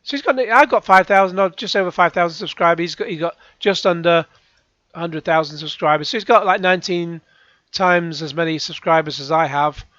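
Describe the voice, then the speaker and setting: A man rambles through sarcastic video commentary, sighing and restarting as he goes. His voice sits a little high. The close recording is dry and slightly dull. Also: a bit bright, no room sound. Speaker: YouTube reaction host.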